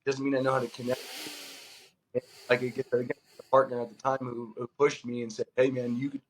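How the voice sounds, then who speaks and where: A man's voice: medium pitch, fast talker, slight background noise, rough recording. A middle-aged man from California, a former baseball pro, telling stories in a loose, casual way, acting out the dialogue he quotes. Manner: loose and animated, acts out quoted dialogue, lots of "like". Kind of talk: casual storytelling.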